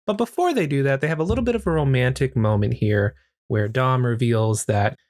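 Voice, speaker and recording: A man casually recapping a horror film as a podcast host, joking and crude, tossing in quick put-on voices. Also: mid-range voice, darkish tone, no echo, clean studio sound. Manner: crude, joking retelling with acted quotes.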